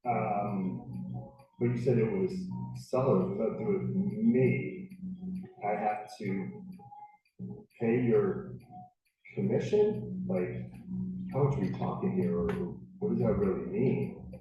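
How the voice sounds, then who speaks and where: A man's voice: fairly low pitch, lively intonation, slow, long pauses, muffled recording, soft background music. A man playing an impatient gym-bro homebuyer. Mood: puzzled. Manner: impatient, confused questions. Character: hungry gym-going young male homebuyer. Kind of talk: real estate role-play. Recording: roomy distant clip, faint noise.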